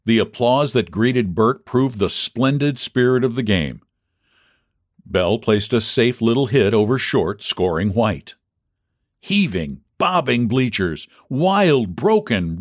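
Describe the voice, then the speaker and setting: Man reading a story with lively expression. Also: lowish voice, dry recording, clean studio sound. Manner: expressive reading, shouting out the fans' cries. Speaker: audiobook narrator. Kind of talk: scripted narration of a classic baseball story.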